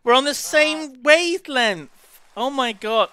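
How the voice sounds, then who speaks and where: A man hosting a live gaming stream, excitable and laughing, swearing freely as he chats. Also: very high-pitched, measured pace, heavy background noise. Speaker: streamer host.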